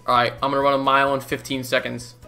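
A man's voice: medium pitch, completely flat delivery, quick pace, over music. A young man giving casual, goofy commentary as he plays a game, laughing often and swearing casually. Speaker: gaming YouTuber.

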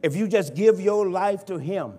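A man, a bishop, preaching a sermon in a church, swinging from hushed pleading to loud, impassioned cries. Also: sits high, normal speed. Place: church sanctuary.

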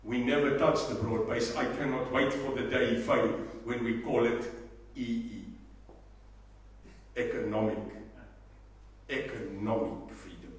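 A man with a South African accent giving a rousing political speech, emphatic, swinging from low asides to shouting. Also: fairly even intonation, a little slow, pauses often. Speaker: political party leader. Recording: echoey hall, mic far off.

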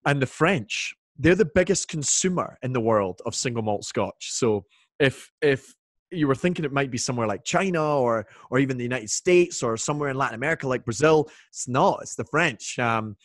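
Scottish man, relaxed and jokey. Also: mid-range voice, brisk, no room sound, studio quality. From Scotland. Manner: jokey, relaxed, many ums and restarts. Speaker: whisky brand ambassador guest. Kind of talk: casual interview over video chat. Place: home, indoors. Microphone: video call.

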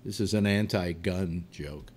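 A man hosting a talk show, telling a long joke to his panel as an animated, laughing storyteller. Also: low-pitched, measured pace. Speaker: radio show host.

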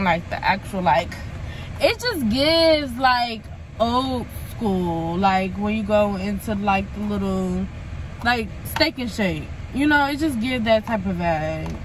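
A woman's voice: medium pitch, background noise. A young woman, vlogging casually at home into her phone camera in a rambling, chatty way. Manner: chatty, rambling, lots of "like" and "y'all". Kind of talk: casual home vlog chat. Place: at home, moving between rooms. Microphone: phone camera, sometimes propped farther away.

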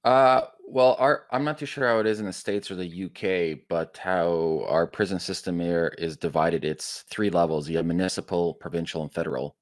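Deep-voiced man hosting, halting. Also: steady tone, no echo, clean studio sound. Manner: halting, correcting himself as he explains. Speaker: host. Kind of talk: interview conversation.

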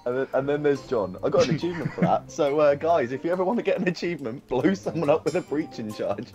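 A twenty-something gamer teases a friend mid-match, pitch bouncing around and laughing between lines. Game music plays clearly underneath the voice. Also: expressive, fast talker, darkish tone. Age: 20s. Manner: giggly, teasing. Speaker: co-player. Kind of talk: casual multiplayer gameplay chat.

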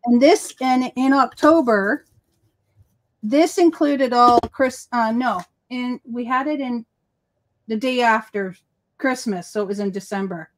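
A woman's voice: fairly high pitch, a little slow. A woman with a Boston accent, hosting a casual crafting livestream and telling stories in a rambling, self-correcting way. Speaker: host.

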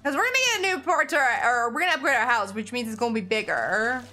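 Young woman, gameplay commentary, bright, fairly high voice, chatty, thinking aloud, game music underneath. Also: animated, fast talker. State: has the hiccups. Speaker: gaming channel host.

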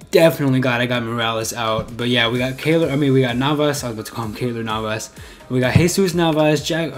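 Young guy gaming youtuber, annoyed and rambly, mid-pitched voice, faint music in the background. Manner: frustrated, rambling, self-deprecating. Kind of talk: casual gaming commentary.

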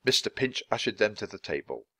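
A man reading a children's storybook aloud for English learners, narrating clearly and expressively. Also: lowish voice, big pitch swings, fairly quick, bright, forceful tone, no echo. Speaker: storybook reader.

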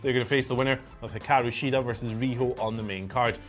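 A man with a croaky voice co-hosting a wrestling news show, dry and sarcastic in casual chat. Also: mid-range voice, steady tone, fast talker, faint music behind.

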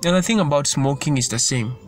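A man's voice: on the high side, a little fast, soft background music. A man giving an informal sermon in an earnest, repetitive way, often stumbling and restarting his sentences. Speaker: preacher.

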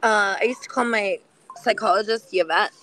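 A woman speaking in a gentle, nurturing tone during an intimate heart-to-heart conversation. She talks loosely, with plenty of "like" and "you know" fillers, and sounds protective and reassuring. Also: medium pitch, moderate pace, rough recording. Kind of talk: supportive heart-to-heart chat.

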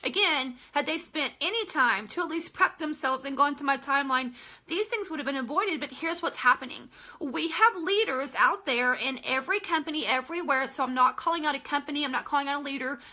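A woman's voice: high-pitched, a little fast, sharp tone. A woman network marketing coach giving a chatty live-stream class, greeting viewers by name and making frank asides.

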